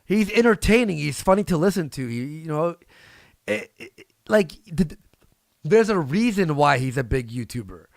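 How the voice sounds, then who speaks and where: A man hosting a casual online call show, quick to react with disbelief and to ask his guest questions. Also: a little high, big pitch swings, gravelly, no room sound, studio quality. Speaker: podcast host. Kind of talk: casual stream chat.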